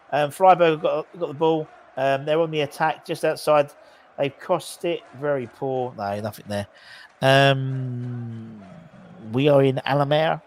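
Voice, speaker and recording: A man's voice: mid-range voice, normal speed. A jokey, chatty man in a mid-range voice, talking through a football match live as it happens. He calls the passes loosely, trades banter with viewers and reads out their messages between the action. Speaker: host of a live match watchalong. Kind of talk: casual live commentary and chat reading.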